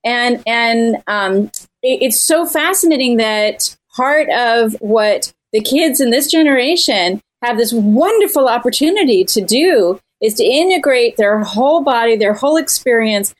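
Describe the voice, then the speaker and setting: Woman, higher voice, thoughtful, reflective, casual group chat.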